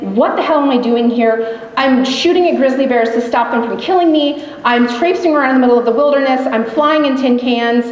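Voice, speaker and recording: A middle-aged woman telling a live story on stage, lively and animated, acting out the quotes. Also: fairly high pitch, a little hiss or hum. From grew up in grizzly bear country. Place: live event hall. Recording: echoey hall recording, faint ambience.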